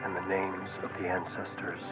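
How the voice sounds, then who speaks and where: A man voicing a solemn Mandalorian warrior who swears an oath in a grave, measured way in video game dialogue. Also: low voice, level tone, over loud music, natural voice.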